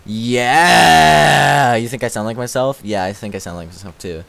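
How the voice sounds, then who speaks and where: On a live stream, a young man reads out his chat at a quick clip, giggling and excitable, sliding between low mumbles and high-pitched squeals. The recording is dry.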